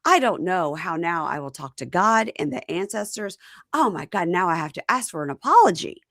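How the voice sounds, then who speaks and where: An offended man lectures in an indignant, stern tone, as a woman podcaster voices him. The voice has a gravelly edge and loud emphasis. The recording is dry and close. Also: on the low side, big pitch swings, normal speed, no room sound.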